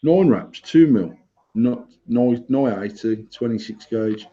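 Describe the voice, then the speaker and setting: A man's voice: medium pitch, animated, slow pace, warm tone. Blunt, sweary man, lo-fi sound. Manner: sweary, blunt, talks vaping gear. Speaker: co-host of a vaping podcast. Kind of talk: casual banter. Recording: dull lo-fi sound.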